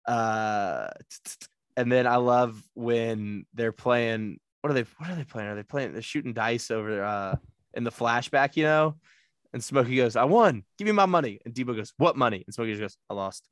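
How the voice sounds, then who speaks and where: A man's voice: mid-range voice, normal speed, smooth, no echo. Man, podcast host, casual film talk, laughs a lot, swears, dry close sound. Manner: laughs often, swears, acts out quotes. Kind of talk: casual movie discussion.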